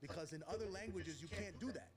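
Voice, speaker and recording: A man, a rapper, telling stories in a live on-stage Q&A, animated and profane. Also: high voice, fast talker, over a noisy crowd. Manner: animated storyteller, profane, acts out quotes. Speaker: rapper answering audience questions.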